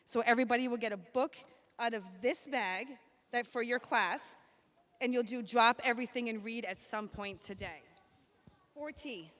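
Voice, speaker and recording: A woman's voice: on the high side, normal speed, fairly bright tone. A woman addressing children at a school assembly, upbeat and chatty as she calls out names and classes from the stage. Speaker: school staff member presenting at an assembly.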